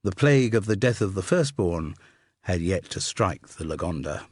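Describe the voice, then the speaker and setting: A man reads an audiobook in a measured, wry storytelling manner. His slightly breathy voice moves through a lively pitch range. The recording is close and dry. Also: no echo. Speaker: audiobook narrator. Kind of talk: scripted narration. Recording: dry close studio sound.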